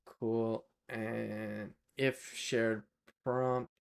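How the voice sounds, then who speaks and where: A man's voice: lowish voice, level tone, very slow, gravelly, clear, resonant tone. A man, live-streaming while he codes, thinking aloud and chatting with viewers in a casual way.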